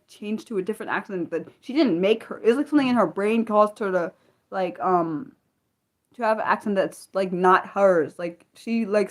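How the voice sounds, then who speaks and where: Woman, livestream host, casual unscripted chat, excitable, rambling, quick questions, mid-pitched voice.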